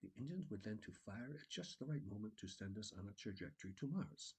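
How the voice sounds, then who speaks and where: A man's voice: lowish voice, expressive, brisk, darkish tone, slightly rough, full character voice, poor audio. A man voicing a formal, literal-minded ship computer that speaks in precise, stiff wording.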